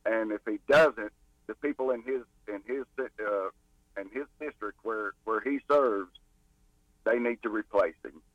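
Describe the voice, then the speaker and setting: A man's voice: lowish voice, unhurried, no room sound, narrow, tinny audio. A man calling in as a guest on a talk radio show, speaking in an indignant, emphatic way. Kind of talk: casual radio chat.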